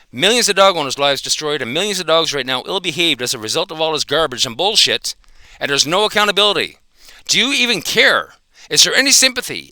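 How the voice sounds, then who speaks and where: Fired up guy ranting fast, super bright edgy voice, dry close mic. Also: a little high, no room sound. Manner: ranting, confrontational, profane. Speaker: dog trainer and video commentator. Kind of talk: angry reaction commentary.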